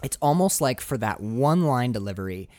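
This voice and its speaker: A man's voice: medium pitch, expressive, moderate pace, a little mellow, no room sound. A man chatting about movies with rambling enthusiasm, restarting his sentences and swearing casually. His voice sits in the middle range and is recorded dry and close. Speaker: podcast co-host. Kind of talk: casual film discussion.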